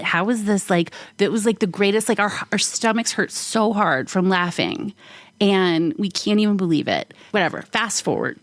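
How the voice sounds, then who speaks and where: A woman co-hosting a podcast, telling a casual story full of "like" fillers and acting out quoted voices with big jumps in pitch. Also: no room sound. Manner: frequent "like" fillers. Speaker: podcast co-host.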